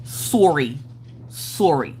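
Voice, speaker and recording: A woman's voice: low-pitched, animated, drawn-out words, darkish tone, a little hiss or hum. A woman hosting a casual crafting livestream, upbeat and greeting viewers one by one by name. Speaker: livestream host.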